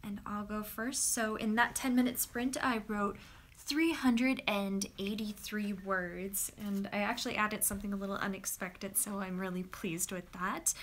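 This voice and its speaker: Young woman, chatty livestream host, bubbly, high and bright voice. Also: a little hiss or hum. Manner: bubbly and chatty, coos softly to her dog. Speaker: livestream host running writing sprints. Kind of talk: casual livestream chat.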